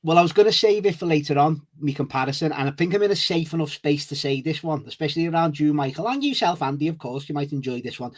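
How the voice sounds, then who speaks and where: A man's voice: on the high side, lively intonation, fast talker, few pauses. A man, a podcast guest, chatting in a chummy way, swearing casually. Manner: chummy, swears casually, lots of "mate" and "innit".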